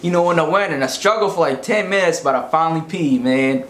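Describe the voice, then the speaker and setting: Man from Africa, slightly high voice, animated comic storyteller; echoey room, faint hiss. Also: quick pace. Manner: animated, slangy, profane. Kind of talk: casual comedic storytelling.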